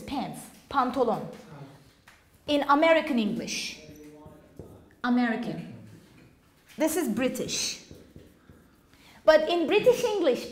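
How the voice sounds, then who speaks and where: A woman teaching an English class, speaking slowly, asking questions and repeating each word for her students. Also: high voice. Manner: slow, patient, asks questions and repeats words. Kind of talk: classroom language lesson. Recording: echoey room with faint noise.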